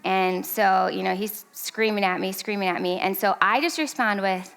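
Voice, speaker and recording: A woman's voice: moderate pace, hardly any pauses, a bit bright, clean tone. A woman in her thirties giving a casual, chatty talk to a parenting class, laughing often and playing out her own lines and her son's whiny ones. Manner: quotes her son in a high whiny voice. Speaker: speaker at a church parenting class.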